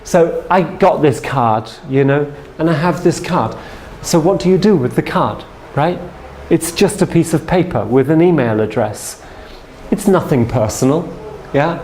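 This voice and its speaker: A man's voice: fairly high pitch, animated, a little slow, darkish tone, a little hiss or hum. A man giving a sales training seminar from a stage, telling a story in a chatty way and checking in with the audience. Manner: anecdotal, chatty, checks in with "yeah?".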